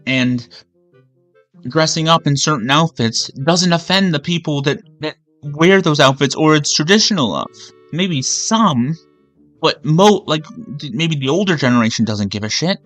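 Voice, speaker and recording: A man's voice: a little high, animated, moderate pace, a bit bright, soft background music. A man from Canada ranting angrily and with a lot of swearing while streaming a game. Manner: angry, profane, rambling rant. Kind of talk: ranting commentary over a game.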